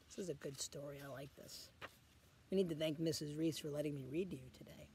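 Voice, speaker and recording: A man reading a picture book aloud to children as a guest reader, pausing often to ask the children questions. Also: a little high, warm tone, a little hiss or hum.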